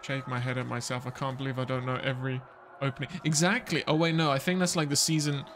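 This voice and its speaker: A man streaming a video game, rambling and quick to laugh and exclaim as he plays. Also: medium pitch, flat delivery, background noise. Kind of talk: casual live gameplay commentary.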